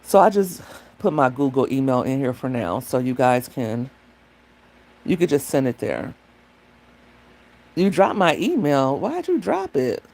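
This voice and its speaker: A woman's voice: extremely low pitch, animated, a little slow, long pauses, darkish tone. Rambling woman chatting on a phone livestream. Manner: chatty and rambling, reads the chat aloud. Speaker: livestream host. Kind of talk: casual livestream chat with viewers.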